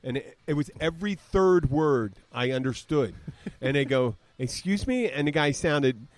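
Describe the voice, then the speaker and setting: In a mid-range voice at normal speed, with no room sound, a Southern American man in his fifties hosts a casual podcast. He wanders through stories and slips into other people's voices as he tells them.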